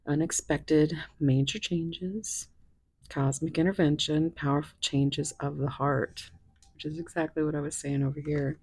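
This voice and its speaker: Husky low-voiced woman doing a tarot reading, dry close sound. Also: darkish tone, no echo. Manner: musing, thinks aloud with fillers. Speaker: tarot reader.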